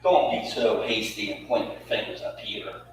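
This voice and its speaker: A man preaching a sermon with emphatic delivery, swinging from loud to hushed. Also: on the low side, lively intonation, normal speed, a little hiss or hum. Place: church sanctuary. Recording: echoey church hall from far off.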